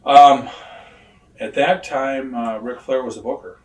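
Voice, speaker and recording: A man's voice: mid-range voice, fairly even intonation, unhurried, darkish tone, far from the mic. A man being interviewed, telling a long story casually and acting out both sides of the conversations. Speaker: interview guest.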